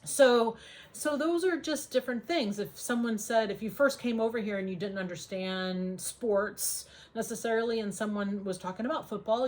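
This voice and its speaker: An American woman talks through her advice in a relaxed vlog. Her voice sits at an ordinary middle pitch. She chats easily and fills pauses with plenty of ums and uhs. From United States. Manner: chatty, many ums and uhs. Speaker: vlogger.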